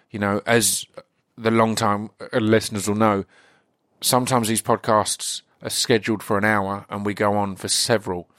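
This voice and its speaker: A man with a low-pitched, slightly croaky voice chats loosely through a podcast intro, looping back on himself with fillers and false starts. The sound is dry and close, with no room around him. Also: a bit bright, no room sound. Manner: rambling, with many fillers and restarts. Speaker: podcast host. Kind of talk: casual podcast intro monologue.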